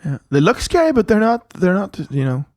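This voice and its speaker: Guy telling a swear-heavy story on a podcast, really animated. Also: high voice, brisk, no echo, studio quality. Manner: storytelling, swearing, mimics others. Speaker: podcast co-host. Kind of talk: casual banter.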